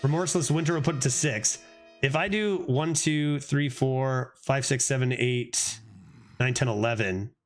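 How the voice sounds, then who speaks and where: A man streaming a card game, thinking aloud in casual commentary and getting excited over close plays. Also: moderate pace, soft background music. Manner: excitable, thinks aloud, sometimes drops to a low put-on voice.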